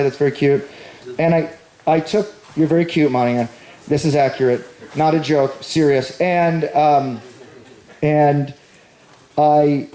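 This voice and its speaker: On stage for a stand-up comedy set, a man with a slightly high, warm-toned voice tells a rambling, self-deprecating story and banters with the audience. He's in a large, echoey venue in front of a live crowd, and the stage recording sounds roomy.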